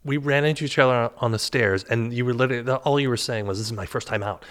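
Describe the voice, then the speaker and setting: A man's voice: mid-range voice, quick pace, a bit bright. A middle-aged man, a comedian guest, chatting casually and recalling a party in an easygoing way. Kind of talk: casual chat.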